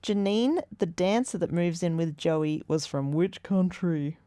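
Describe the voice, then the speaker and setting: A woman's voice: fairly low pitch, a little slow, warm tone, smooth, no room sound, studio quality. A woman co-hosting a casual podcast, wry and teasing, laughing often. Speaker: podcast co-host. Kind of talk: casual chat.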